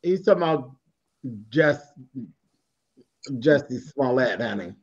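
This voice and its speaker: A man's voice: mid-range voice, expressive, takes it slowly, highs cut off. A man hosting a casual chat, sassy and drawling, full of endearments. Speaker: host of an online chat.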